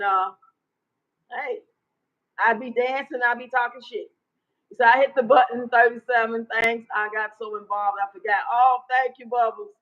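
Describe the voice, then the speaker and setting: A woman in her fifties hosting a casual live chat, loud, blunt and profane. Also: a little high, lo-fi sound. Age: 50s. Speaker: livestream host.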